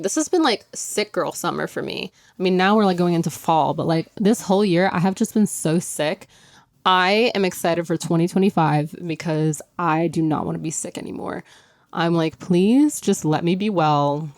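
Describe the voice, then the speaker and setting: A woman's voice: on the low side, smooth, dry recording, clean studio sound. A young woman hosting a podcast in casual chat, talking freely with many "like"s and frequent laughs, still recovering from an illness. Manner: chatty, lots of "like", laughs often. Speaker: podcast host.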